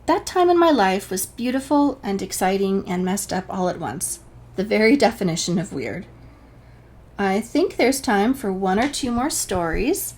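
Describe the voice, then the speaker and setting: A woman's voice: mid-range voice, animated, normal speed, a little mellow. A woman from New Hampshire telling a personal story to the camera, wry and self-deprecating. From New Hampshire, USA. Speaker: vlogger.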